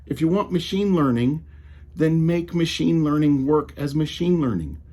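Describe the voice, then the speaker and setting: A man's voice: a little high, animated, moderate pace, darkish tone. A man with a slight Colorado drawl, ranting casually and with exasperation about tech, often restarting his sentences. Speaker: tech commentator.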